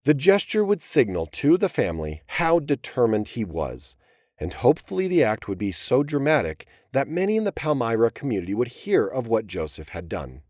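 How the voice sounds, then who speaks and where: A man giving dramatic, expressive narration of a historical audiobook story. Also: medium pitch, moderate pace, no echo, clean studio sound.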